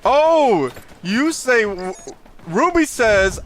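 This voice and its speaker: A man's voice: sits high, normal speed, bright, forceful tone, soft background music. A young man streaming a video game live, chatting casually, reading chat messages aloud and laughing often. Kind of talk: live gameplay commentary.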